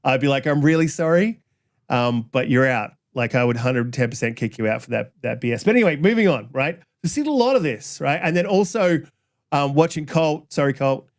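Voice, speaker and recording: A man hosting a casual gaming podcast, rambling from point to point. He stumbles and restarts often and apologizes freely. His voice sits at a middling pitch. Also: sing-song, fairly quick. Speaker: podcast host.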